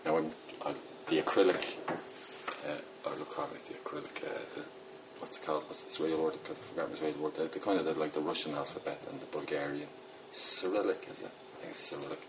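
A man's voice: a bass voice, level tone, quick pace, background noise. A middle-aged Irish man with a Dublin accent, a poet chatting in a rambling, self-deprecating way with lots of fillers. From Ireland. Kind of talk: casual interview talk.

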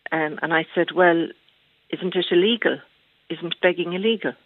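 A woman's voice: on the low side, moderate pace, dry recording. An Irish woman calling in to a radio phone-in, talking hesitantly with many fillers and restarts. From Ireland. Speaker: caller. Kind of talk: phone-in call. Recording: tinny phone line.

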